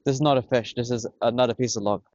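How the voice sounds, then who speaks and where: A young man, excitedly filming himself fishing on a beach, swearing and talking in slang. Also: medium pitch, quick pace, no echo, muffled recording. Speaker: vlogger. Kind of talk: casual fishing vlog commentary. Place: outdoors on a beach by the water. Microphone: camera on a tripod.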